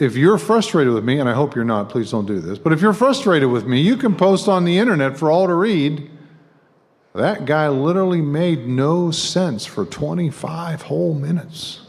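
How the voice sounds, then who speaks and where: A middle-aged man preaching a sermon as guest speaker, talking conversationally with joking asides to the congregation. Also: on the high side. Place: church sanctuary. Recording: long church hall reverb.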